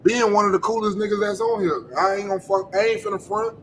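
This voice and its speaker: A man with a high-pitched voice, speaking on a casual panel in an emphatic, preachy way. He repeats his points for weight and swears freely. Faint background noise runs under his voice. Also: fairly even intonation, fast, a bit bright. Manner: emphatic, preachy advice, profane.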